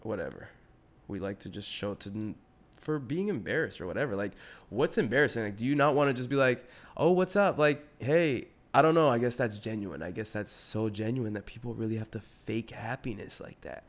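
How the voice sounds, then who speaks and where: A man's voice: on the low side, brisk. A young adult man hosting a podcast solo, rambling in a slangy, profane, casual way. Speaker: podcast host.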